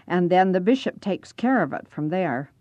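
A reluctant young boy , as a woman reader puts him on tosses out wary quips in a lifted, lively voice. It sounds close and dry. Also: fairly low pitch, normal speed, no room sound, close to an everyday voice.

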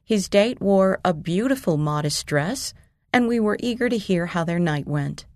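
A woman from the USA, a mother, reading her own story aloud in an earnest, steady narration. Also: on the low side, moderate pace, no room sound, studio quality. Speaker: mother telling a personal story. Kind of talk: scripted narration.

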